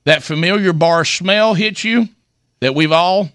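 A middle-aged man spins a comic story with a bright, lively voice, laughing as he goes. He slips into the voices of the people he quotes. The sound is close and dry. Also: high-pitched, unhurried, no room sound. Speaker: storyteller guest. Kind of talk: comic storytelling in casual chat.

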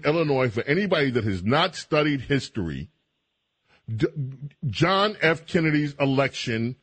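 A man hosting political talk radio, combative and quick to outrage, with a husky voice. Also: a little high. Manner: combative, lively, rising to outrage. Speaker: radio host.

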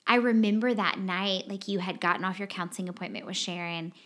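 A woman's voice: medium pitch, fairly quick, fairly bright tone. An earnest woman co-hosting a podcast, speaking in casual, heartfelt talk. She leans on her points with emphasis and circles back to repeat the phrases that matter. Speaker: podcast co-host.

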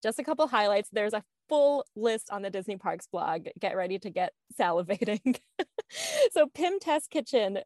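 A woman's voice: medium pitch, expressive, moderate pace, darkish tone, no room sound, studio quality. A woman co-hosting a casual chat show, reading news items with bubbly, giggly enthusiasm. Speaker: podcast co-host.

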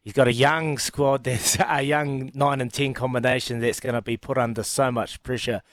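A man's voice: medium pitch, steady tone, normal speed, a bit bright, no echo. A man from New Zealand with a New Zealand accent, a former rugby player chatting casually as a radio guest, enthusiastic and often restarting his sentences. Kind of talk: casual sports radio chat.

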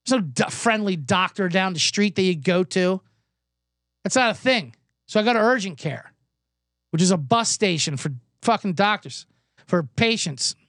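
A podcast host in Los Angeles, speaking indoors while getting over a cough, spins a meandering comic story at his own expense. He has a high, expressive, somewhat bright voice and a moderate pace. The studio sound is clean and echo-free.

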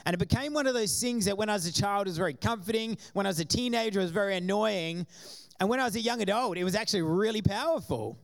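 A man's voice: high-pitched, gravelly. A man from Australia preaching a sermon to his congregation, telling personal stories and acting out the voices of the people in them. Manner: animated storytelling, acting out quoted voices. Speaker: pastor. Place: church before a congregation.

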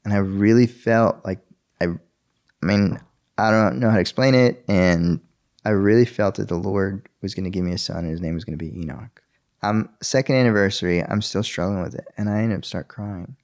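Young guy with a lowish voice telling his faith story, earnest, lots of um and like. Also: moderate pace, darkish tone. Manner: earnest, many fillers and restarts. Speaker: interviewee. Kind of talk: personal faith testimony.

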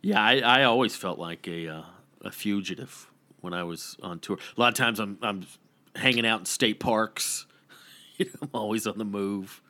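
A man's voice: on the low side, normal speed, sharp tone. A man co-hosting a podcast, chatting casually with laid-back, wry asides. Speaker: podcast co-host. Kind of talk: casual chat.

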